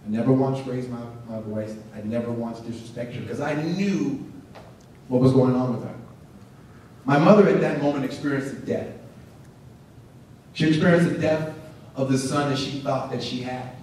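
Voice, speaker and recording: A man's voice: mid-range voice, fairly even intonation, moderate pace, long pauses, a little mellow, slight background noise. A man giving an earnest personal story to an audience, acting out the dialogue as he goes. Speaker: speaker at a symposium. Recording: echoey hall, voice from far off.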